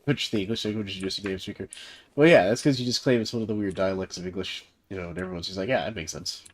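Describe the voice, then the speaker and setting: Speaking low and rapid-fire, a thirtysomething gamer from the American South loosely chats during his livestream. He hosts a server and keeps rambling easily, peppering his talk with fillers and chuckles.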